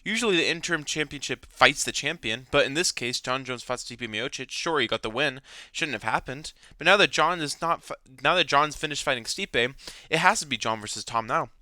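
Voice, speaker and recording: Young man ranting, bright dry voice. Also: mid-range voice, lively intonation, brisk, few pauses, no echo. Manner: angry, swearing, repeats himself. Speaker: MMA commentator. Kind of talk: ranting fan commentary.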